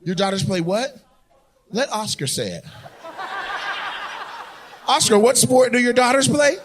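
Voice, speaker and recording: Male stand-up, crowd work; unhurried, animated delivery, laughs through lines, teasing. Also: very high voice, noisy background. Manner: teasing, loud, often laughing mid-sentence. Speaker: stand-up comedian.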